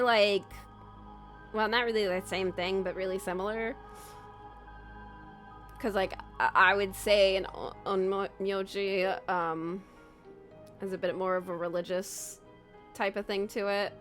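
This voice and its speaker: A woman's voice: mid-range voice, a bit bright. A young woman streaming a horror game, chatting casually, easily startled and laughing. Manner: chatty, jumpy, laughs and shrieks at scares. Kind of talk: casual let's-play commentary.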